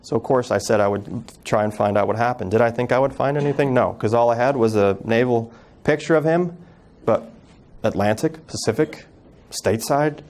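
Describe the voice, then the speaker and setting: A man in his thirties giving an earnest personal storytelling talk as a guest speaker, acting out family members' words softly. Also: medium pitch, normal speed. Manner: earnest, acts out quoted family voices softly.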